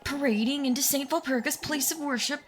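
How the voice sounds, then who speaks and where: A hoarse woman voicing a spiteful old village man who scolds and accuses, over game music. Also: high voice, brisk, voice pushed up, close to an everyday voice. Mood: scornful. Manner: scornful and accusing.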